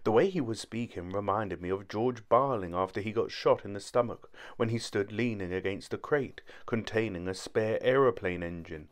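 Man narrating a story aloud. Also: fairly low pitch. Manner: steady first-person telling. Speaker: audiobook narrator.

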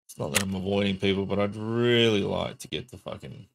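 Gravelly gamer streaming casually. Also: male voice, lowish voice, fairly even intonation, fairly quick. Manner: joking, sings and does silly accents. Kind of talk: casual gaming stream chat. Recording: noisy home stream recording.

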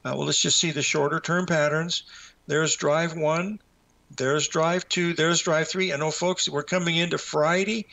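A man's voice: fairly high pitch, fairly even intonation, unhurried, vocal fry, pushed and bright. A man hosting a live market show, out of breath, rambling as he walks through trading charts and talks to himself.

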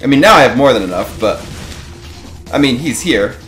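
A man hosting a let's play, giving gaming commentary, swearing often and getting animated and frustrated at the game. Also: mid-range voice, moderate pace, roomy sound, soft background music.

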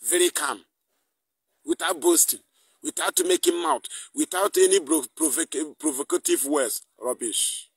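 A man with a Nigerian accent ranting through a live online broadcast, his voice sitting a little higher than most men's. He slides between English and Igbo and hammers his listeners with repeated, scornful questions. The sound is dry and close, with no room around it. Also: huge pitch swings, a little slow, creaky, slightly rough, dry recording. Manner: heated, mocking, repeats angry rhetorical questions. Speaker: activist broadcaster.

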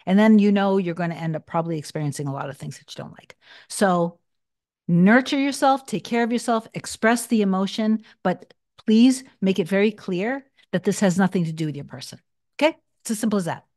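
A woman hosting her own channel, talking casually and earnestly to viewers, reassuring them with repeated gentle phrases. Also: medium pitch, lively intonation, fairly quick, no room sound, studio quality. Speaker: channel host. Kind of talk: casual advice talk to viewers.

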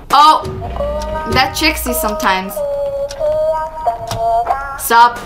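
A woman giving chatty, excitable live commentary while playing a video game, full of quick exclamations. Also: sits high, music in the background. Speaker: gaming channel host.

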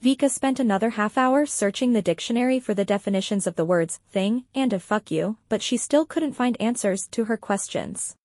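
A woman narrating a scripted story with a wry, lively storytelling manner. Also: a little high, moderate pace, few pauses, no echo, clean studio sound.

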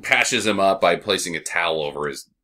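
Animated, bright-voiced man recapping a movie. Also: low-pitched, brisk. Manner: rambling, profane, laughs often. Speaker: podcast co-host. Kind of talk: casual movie-review banter.

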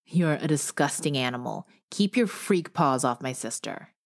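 A woman's voice: low-pitched, animated, normal speed. A woman voicing a furious, bigoted young man who sneers insults, in an audiobook. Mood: hostile.

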